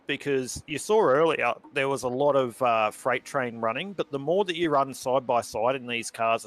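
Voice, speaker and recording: A man commentating a sim racing event who gets loud and excited during close battles. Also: mid-range voice. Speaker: race commentator.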